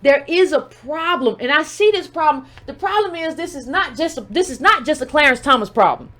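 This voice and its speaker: A woman's voice: sits high, animated, brisk, fairly bright tone. A woman giving livestream political commentary, emphatic and firing rhetorical questions while speaking straight to her audience.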